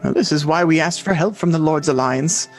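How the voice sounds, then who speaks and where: Guy dm narrating tabletop game, rambly, kinda high voice, faint music behind. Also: fairly quick. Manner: rambling, restarts, chuckling. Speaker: game master.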